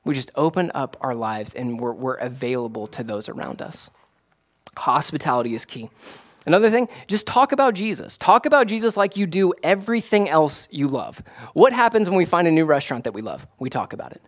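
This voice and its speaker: A man, a pastor, preaching a casual, conversational sermon that rises to excited emphasis. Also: on the high side, a little fast. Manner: animated, rising to excited emphasis.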